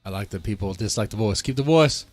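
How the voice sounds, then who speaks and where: A man's voice: on the low side, animated, fast, a little mellow, dry recording, soft background music. A man in his thirties live-streaming, chatting loosely and joking in an exaggerated put-on Southern drawl. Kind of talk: casual live-stream chat.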